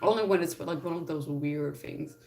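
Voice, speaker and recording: Chatty young woman with a lowish voice. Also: moderate pace, creaky, darkish tone, soft background music. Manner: chatty, laughs often, exasperated storytelling. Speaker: vlogger. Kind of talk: casual chat to camera.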